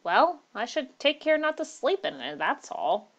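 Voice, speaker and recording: A woman's voice: fairly high pitch, animated, brisk, muffled recording, lightly acted. A woman voicing a nervous male inn guest who speaks in an uneasy, curt way in a read-aloud story.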